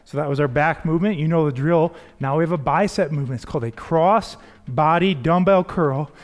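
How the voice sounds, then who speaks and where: A man's voice: a little high, a little fast. A man leading a workout as a fitness coach, upbeat and encouraging as he counts reps and cues form. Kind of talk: workout instruction. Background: faint background music.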